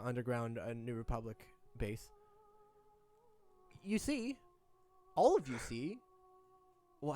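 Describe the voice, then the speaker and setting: A man's voice: on the high side, clear, resonant tone, no echo. A man narrating as game master in a tabletop game, rambling with many restarts. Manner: rambling, frequent restarts and fillers.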